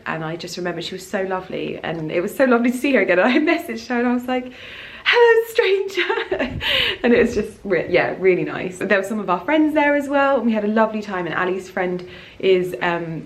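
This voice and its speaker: A woman in her thirties from England, chatting casually and gushingly to camera while vlogging outdoors in her home garden. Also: fairly low pitch. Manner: chatty, gushing, restarts and trails off. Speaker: lifestyle vlogger. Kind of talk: casual vlog chat.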